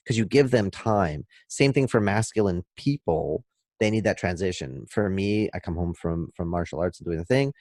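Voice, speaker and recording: A man speaking as a podcast guest, explaining in an emphatic, animated way and acting out little scenes. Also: sits low, moderate pace, no echo, studio quality. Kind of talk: casual podcast talk, explaining.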